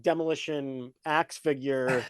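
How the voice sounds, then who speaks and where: A man's voice: medium pitch, fairly even intonation, a little slow, smooth, dry recording. A man hosting a casual chat, rambling with many fillers and frequent laughs. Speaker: podcast host.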